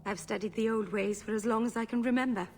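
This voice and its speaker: A woman's voice: fairly high pitch, fairly even intonation, quick pace, darkish tone, natural voice. A woman with a Welsh accent voicing a shy, rambling young elf mage in a video game, who talks awkwardly and trails off. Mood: earnest.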